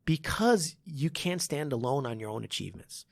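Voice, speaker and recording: A man hosting a podcast and telling animated stories as a martial arts instructor in casual chat. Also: medium pitch, normal speed, vocal fry, no echo. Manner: animated storytelling with frequent laughs.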